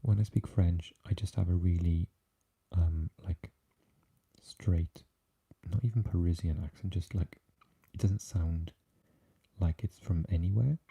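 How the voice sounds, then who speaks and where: A Welsh man hosting a whispered ASMR live chat, talking softly and haltingly with lots of fillers as he answers viewers. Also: low voice, steady tone, vocal fry, breathy edge. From Wales. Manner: soft and halting, with many fillers, chatting with viewers. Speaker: ASMR livestream host.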